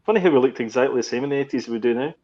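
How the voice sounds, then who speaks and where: A Scottish man talks quickly on a podcast, ribbing his co-hosts with dry humor. The audio is a little dull and muffled. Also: medium pitch, warm tone. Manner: teasing, dry banter. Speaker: podcast co-host. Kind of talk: casual chat.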